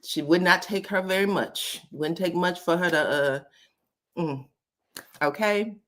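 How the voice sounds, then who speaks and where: A woman's voice: fairly low pitch, unhurried. A woman chatting casually on a live stream, telling family stories with frequent laughs and acting out quoted lines in a raised voice. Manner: animated, laughs often, acts out quotes in a raised voice.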